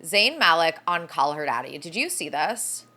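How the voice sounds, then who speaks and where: A woman co-hosting a casual pop-culture gossip podcast, animated and blunt, peppering her talk with "like" and the odd swear word. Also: low-pitched, moderate pace. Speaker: podcast co-host.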